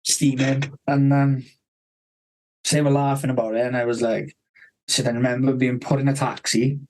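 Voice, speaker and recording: A man's voice: medium pitch, little pitch movement, moderate pace, a little mellow, rough recording. Swearing man telling a story. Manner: rambling, swears constantly, acts out quoted people. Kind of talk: casual podcast storytelling.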